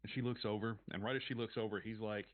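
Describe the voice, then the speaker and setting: A man's voice: lowish voice, steady tone, fast. A man running a tabletop role-playing game as game master, narrating loosely with many fillers. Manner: loose, filler-heavy describing. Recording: tinny phone-like sound, faint music.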